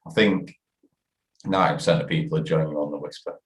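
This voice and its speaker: Deep-voiced podcast host, echoey room. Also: male voice, steady tone, fast talker. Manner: laughs easily, asks questions. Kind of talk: casual chat.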